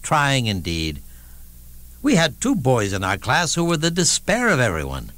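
An actor plays a wry, elderly statesman spinning anecdotes on stage. The voice is bright and lively, swinging through a wide range of pitch as he chuckles through his tales. The sound is close and dry. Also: moderate pace, dry recording. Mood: amused. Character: elderly male statesman, witty, wry raconteur. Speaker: stage actor in a one-man show. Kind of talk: theatrical storytelling monologue.

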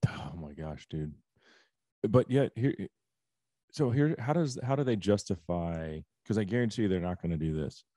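40s guy host, low dark voice, blunt and ranty, dry sound. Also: moderate pace, no room sound. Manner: blunt, ranting, rhetorical questions. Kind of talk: casual podcast chat.

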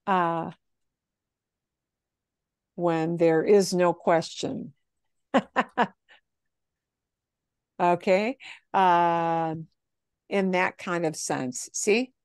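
A woman teaching a language class, explaining phrases patiently and modeling them slowly. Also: lowish voice, a little mellow, smooth, no room sound, clean studio sound. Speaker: Spanish teacher.

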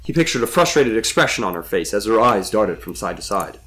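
Male storyteller, low voice, animated pitch, scripted narration. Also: a little fast. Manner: expressive storytelling.

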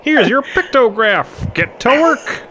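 A man voicing a manic, mocking male comic-book villain in a high, loud sing-song. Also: big pitch swings, slow, noisy background, full character voice. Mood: taunting.

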